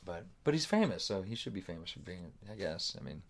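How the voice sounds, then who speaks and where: A man's voice: low-pitched, sing-song, fairly quick, creaky. A middle-aged man chatting as a podcast guest, rambling and cursing freely while telling self-deprecating stories. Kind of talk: casual chat.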